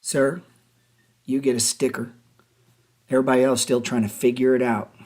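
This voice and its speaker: A man's voice: medium pitch, flat delivery, a little mellow. Guy ranting on his trading show, cussing, mocking, firing off questions. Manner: profane, mocking, rapid rhetorical questions. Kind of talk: heated casual rant.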